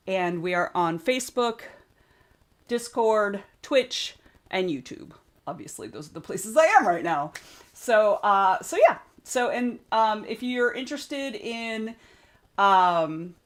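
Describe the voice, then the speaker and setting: A woman's voice: medium pitch, a bit bright. Chatty Southern woman streamer. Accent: Southern US (Georgia). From United States. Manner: chatty, rambling, greets viewers by name. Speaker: streamer and author. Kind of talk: casual livestream chat.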